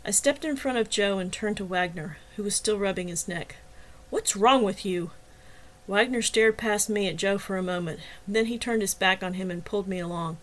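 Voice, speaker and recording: A woman narrates a novel in the first person, reading with a steady, expressive delivery. Her voice sits at a middle pitch for a woman. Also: fairly quick, few pauses, rough recording. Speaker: audiobook narrator.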